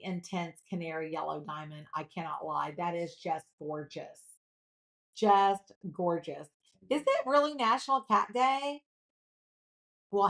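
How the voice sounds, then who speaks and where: A woman, hosting a live shopping show, chatty and gushing as she reads viewer comments aloud. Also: medium pitch. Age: 50s.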